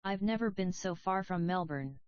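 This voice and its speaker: A woman's voice: lowish voice, expressive, normal speed, clean tone, no echo, lo-fi sound, close to an everyday voice. A woman reading the part of a shy, polite young male salesman who talks hesitantly.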